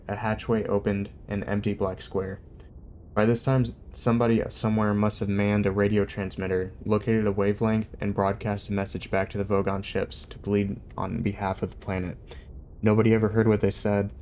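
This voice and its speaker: A young man reads a novel aloud on his livestream, then drifts into easygoing chatter with his viewers. His voice sits fairly low and relaxed, and he laughs easily. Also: slight background noise. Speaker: streamer reading a book aloud. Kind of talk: casual reading aloud on a livestream.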